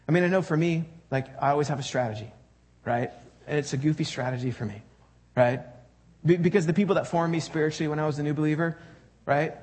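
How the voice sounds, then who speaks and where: A man's voice: fairly high pitch, a little mellow, slightly rough. A man preaching a sermon to his church congregation, in a conversational, joking way that puts questions to the crowd. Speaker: pastor.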